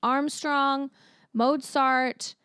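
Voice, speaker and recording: A woman co-hosting a casual movie review podcast, telling stories with animated quoted reactions and free swearing. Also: sits high, very slow, dry recording, clean studio sound. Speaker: podcast co-host.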